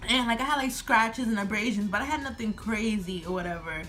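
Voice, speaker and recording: A woman's voice: on the high side, a little fast, a bit bright. A woman in her twenties telling a storytime vlog at home, laughing often as she talks. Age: 20s. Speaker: vlogger.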